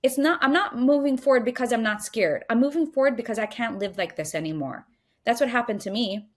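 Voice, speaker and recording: A middle-aged woman, a podcast guest, speaking earnestly as she teaches in a warm conversational way. She repeats phrases for emphasis and acts out inner voices. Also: a little high, a little fast.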